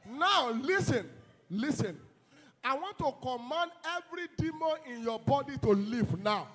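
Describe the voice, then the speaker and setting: Man, pastor type; high, lively delivery, speaks in tongues, shouts commands. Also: measured pace, faint music behind. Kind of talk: fiery deliverance sermon.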